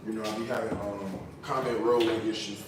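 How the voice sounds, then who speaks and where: A man's voice: lowish voice, fairly even intonation, brisk, echoey room, over loud music. Chatty man live-streaming from his kitchen. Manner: chatty, teasing asides to viewers. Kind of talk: casual live-stream chat. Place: home kitchen.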